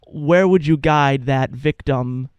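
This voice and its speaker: A man's voice: a little high, slow, a little mellow, smooth, dry recording. A young man hosting a radio interview, asking long, hesitant, rambling questions. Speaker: radio host.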